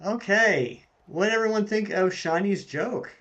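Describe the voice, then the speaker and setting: A man's voice: high voice, a little slow, fairly bright tone, lo-fi sound. A man hosting a live game stream, chatting casually and reading his viewers' messages aloud. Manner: easygoing, reads chat aloud and answers it. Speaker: streamer host.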